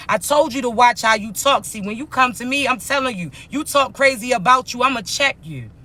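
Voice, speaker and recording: A woman coach delivers a motivational spiritual talk with a bright, forceful edge to her voice. She speaks bluntly and emphatically, in heavy slang with plenty of swearing. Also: fairly high pitch, animated, a little fast.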